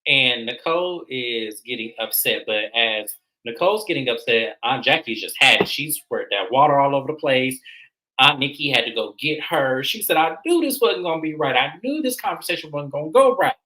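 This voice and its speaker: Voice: mid-range voice, animated, normal speed, sharp tone, low-quality recording. A host recapping a reality show episode in casual, opinionated commentary, repeating points for emphasis.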